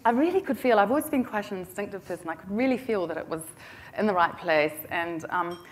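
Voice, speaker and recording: A woman's voice: medium pitch, expressive, fairly quick. A middle-aged woman with a New Zealand accent telling a business story at a conference in a chatty, self-deprecating, humorous way. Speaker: conference speaker.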